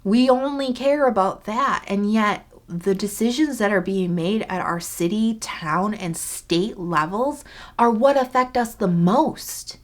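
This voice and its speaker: A woman's voice: mid-range voice, slow pace. A woman vlogger talking earnestly to camera, pleading and repeating herself for emphasis. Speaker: skincare YouTuber. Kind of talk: earnest direct-to-camera talk.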